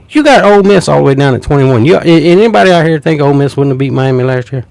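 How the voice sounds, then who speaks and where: A man's voice: on the high side, very animated, a little fast, gravelly, few pauses, darkish tone, no echo. Heated man ranting. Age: 50s. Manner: profane, heated and mocking. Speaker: sports commentator. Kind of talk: ranting sports commentary.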